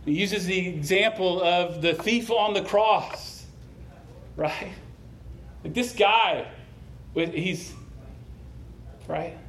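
A man's voice: high voice, takes it slowly, pauses often, fairly bright tone, a little hiss or hum. A male pastor preaching a sermon, conversational and then passionately exhorting the congregation, ending in prayer.

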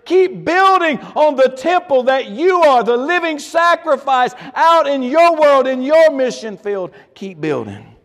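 Man, a pastor, preaching with a very high voice and dramatic slow emphasis; long church reverb behind him. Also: expressive, fairly bright tone. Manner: preaching with sudden drops and swells, slow emphatic stresses. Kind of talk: sermon. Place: church sanctuary.

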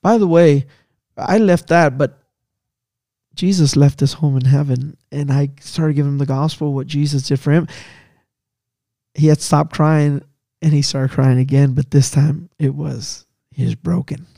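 Excited higher-voiced man telling a story. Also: gravelly, no room sound, studio quality. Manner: excited, quick bursts of fast talk. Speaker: missionary pastor. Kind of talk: animated personal storytelling.

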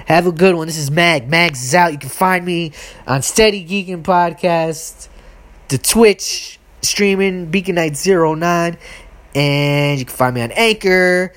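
Woman, podcast host, lower voice, exasperated rant, profane, sudden shouty spikes. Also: a little slow. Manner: heated, exasperated and profane, with sudden high outbursts. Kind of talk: solo ranting monologue.

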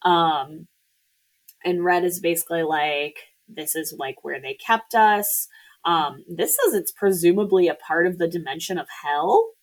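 A woman with a notably low voice for a woman, talking casually on a podcast. She walks through a film's plot in a loose, chatty way, full of "like" and small laughs. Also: a little slow, low-quality recording. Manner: chatty, laughing, lots of "like" fillers. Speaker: podcast co-host. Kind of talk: casual movie recap chat.

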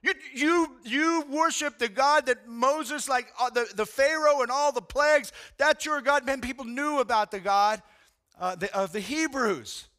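A man preaching with a high, bright voice that cuts through. He tells the story in animated, casual slang and keeps addressing his listeners as "man.". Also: moderate pace. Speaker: pastor. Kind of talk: sermon.

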